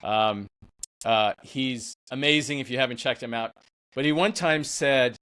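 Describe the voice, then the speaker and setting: A man's voice: medium pitch, normal speed, a bit bright. A man hosting an interview podcast, talking in an eager, rambling way and agreeing often. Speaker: podcast host. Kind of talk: conversational interview.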